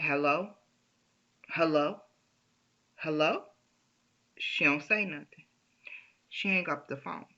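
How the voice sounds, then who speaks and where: A woman tells a personal story to her camera in an animated, emphatic way. Her voice is gravelly and very bright, and she takes her time. The recording is a little dull and lo-fi. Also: sits low. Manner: animated, emphatic retelling with frequent restarts. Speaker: vlogger telling a personal story. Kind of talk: casual storytime monologue.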